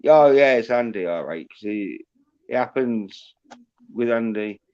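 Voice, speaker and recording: A man's voice: mid-range voice, expressive, measured pace, darkish tone, clean tone. A man chatting casually on a livestream call, blunt and swearing. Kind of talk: casual chat. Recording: dull lo-fi call audio.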